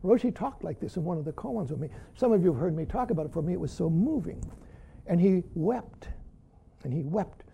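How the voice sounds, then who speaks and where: An older man giving a Zen dharma talk as teacher, who keeps saying "see" and swings between loud emphasis and hushed whispers. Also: sits high, lively intonation, a little fast, gravelly, husky, phone-quality sound.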